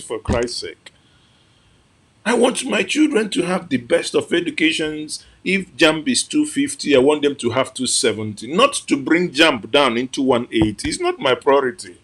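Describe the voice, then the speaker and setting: A man's voice: a little high, slight background noise. A man with a Nigerian accent giving impassioned commentary as host, emotional and exclamatory, repeating phrases for emphasis. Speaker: host reacting to an archive clip.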